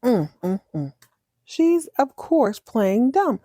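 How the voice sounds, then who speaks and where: Woman, podcast host, animated chatter, mellow tone, dry close sound. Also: a little high, takes it slowly, no echo. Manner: animated, acts out dialogue in different voices. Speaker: podcast host recapping a TV drama. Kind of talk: casual chat.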